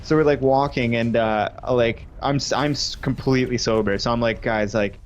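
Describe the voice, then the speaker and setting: A man's voice: mid-range voice, steady tone, normal speed, slight background noise. Young man telling a rambling story. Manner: rambling, laughing, acts out quoted friends. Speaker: stream co-host. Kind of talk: casual storytelling chat.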